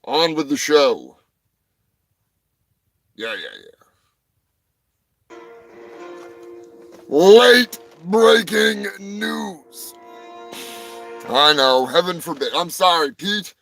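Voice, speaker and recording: A man's voice: on the high side, big pitch swings, takes it slowly, pauses often, pushed and bright, faint music behind, poor audio. A man hosting a rambling comedic livestream, crude and joking, often trailing off into mumbles. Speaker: livestream host. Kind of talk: rambling comedic live chat.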